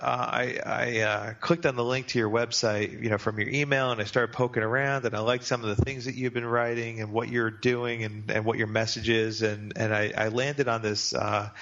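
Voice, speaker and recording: Gravelly-voiced man telling a rambling story. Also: mid-range voice, a bit bright, lo-fi sound. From New Jersey. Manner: rambling, self-deprecating, many restarts. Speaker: podcast guest. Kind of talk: casual storytelling interview.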